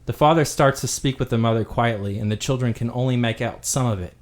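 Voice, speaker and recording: Man narrating a dark tabletop game story. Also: medium pitch, fast talker. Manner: steady storytelling with dramatic narration. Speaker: game master.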